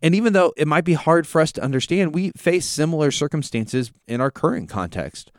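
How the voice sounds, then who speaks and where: Lively storytelling male Bible teacher. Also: fairly high pitch, fairly quick, no room sound, studio quality. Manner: vivid storytelling, conversational. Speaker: podcast host.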